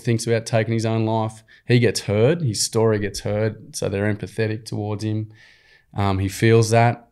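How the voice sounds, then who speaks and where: A young adult Australian man, a podcast guest, telling stories in casual, slangy, earnest chat. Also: on the low side. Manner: earnest, slangy, animated storytelling. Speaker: podcast guest, program founder. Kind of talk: casual storytelling.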